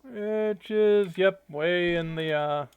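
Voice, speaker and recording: Higher-voiced man musing through a game. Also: takes it slowly, clear, resonant tone, phone-quality sound. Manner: musing and relaxed, reads his own dialogue choices aloud. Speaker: gamer playing a computer role-playing game. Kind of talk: casual let's-play commentary. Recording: noisy hiss behind voice.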